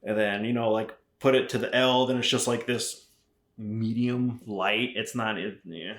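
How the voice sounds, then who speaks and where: A man's voice: on the low side, steady tone, unhurried, fairly bright tone. A middle-aged man from Arizona who founded a rifle company, chatting casually as a podcast guest and telling rambling stories full of fillers and swearing. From Arizona, USA. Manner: profane, rambling storyteller with frequent fillers. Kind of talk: casual chat. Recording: roomy echo.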